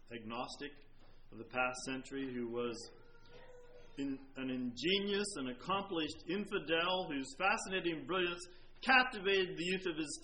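Hushed-to-loud dramatic male preacher. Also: a little high, slight background noise, poor audio. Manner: dramatic, swings from hushed to loud when quoting. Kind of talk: sermon.

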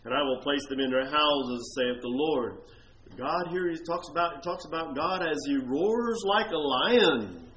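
Male preacher, sermon, high voice, echoey room with faint noise, loud slow scripture reading. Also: lively intonation. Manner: reads scripture loudly and slowly, explains in a quieter voice.

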